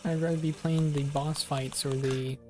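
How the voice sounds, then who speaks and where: A gameplay streamer giving casual commentary, reacting out loud and swearing as they play. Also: mid-range voice, level tone, normal speed, noisy background. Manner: swears casually and reacts out loud, reads the game text aloud. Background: faint game music.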